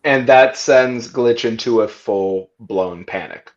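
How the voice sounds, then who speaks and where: Man, tabletop player, halting, lots of fillers, muffled lo-fi audio. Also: medium pitch. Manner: halting, full of fillers and restarts. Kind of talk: narrating his character in a tabletop game.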